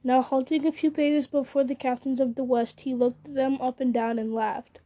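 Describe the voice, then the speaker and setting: Mellow-voiced woman reading aloud. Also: high-pitched, level tone, normal speed. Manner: frequent stumbles and restarts. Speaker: reader. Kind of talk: reading a fantasy novel aloud.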